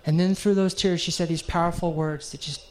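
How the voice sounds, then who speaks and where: A man's voice: a little high, fairly even intonation, a little fast. A middle-aged man preaching a sermon, telling a heartfelt story in an earnest way and closing in prayer.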